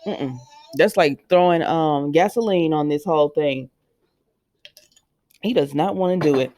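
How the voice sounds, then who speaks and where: A woman casually retelling a story to her viewers, talking in a chatty way and acting out the quotes, often jumping high in pitch. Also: measured pace, dark tone. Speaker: soap opera recap vlogger. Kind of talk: casual chat.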